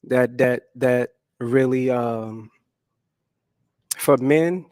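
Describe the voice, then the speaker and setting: A man answers dating show questions in an easy, laid-back way. His voice sits mid pitch and sounds dry and close, and he keeps tacking "right?" onto his sentences. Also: very slow, darkish tone, clear, resonant tone, no room sound. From New Orleans. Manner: laid-back, adds "right?" and "okay?" often.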